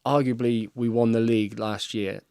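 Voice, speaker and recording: A man, an excitable guest who keeps saying "mate" and trails off mid-sentence. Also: mid-range voice, normal speed, clean tone, no echo, studio quality. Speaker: podcast guest, rugby player. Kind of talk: casual chat, reacting to match footage.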